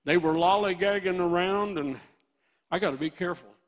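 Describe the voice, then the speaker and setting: A man in his eighties with a Midwestern American accent, preaching a sermon and swinging from loud bursts to hushed storytelling. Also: high voice, normal speed. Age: 80s.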